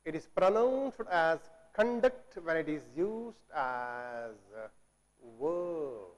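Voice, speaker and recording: Slow-spoken teacher, echoey hall. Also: male voice, on the high side, animated. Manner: slow, repeats words, asks questions and answers them himself, clears throat. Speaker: English teacher. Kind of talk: classroom grammar lesson. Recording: long reverb, as in a hall.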